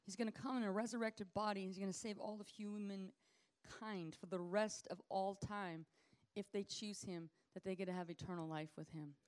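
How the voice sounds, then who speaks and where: A woman preaching a casual, conversational sermon, animated and acting out scenes as she tells them. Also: mid-range voice, normal speed.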